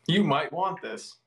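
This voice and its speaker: A man co-hosting a casual podcast, reacting with quick wisecracks. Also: on the high side, creaky. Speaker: podcast co-host.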